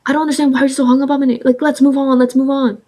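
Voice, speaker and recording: A woman's voice: sits high, little pitch movement, fast talker, dark tone, slight background noise, pitched above the performer's own voice, lightly acted. A woman in her twenties quoting a dismissive teenage ex-boyfriend in a whiny, pushy way.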